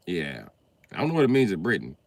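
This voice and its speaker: A man's voice: deep voice, huge pitch swings, fast, gravelly, no echo. An American man doing a live-stream comedy rant, riffing and swearing, and repeatedly addressing one listener. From United States.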